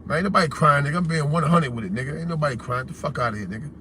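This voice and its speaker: New york guy ranting on his call-in stream, high bright voice, blunt street talk. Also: very fast, a little hiss or hum. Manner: blunt, confrontational, streetwise slang. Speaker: host of a call-in livestream. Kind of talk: heated casual livestream rant.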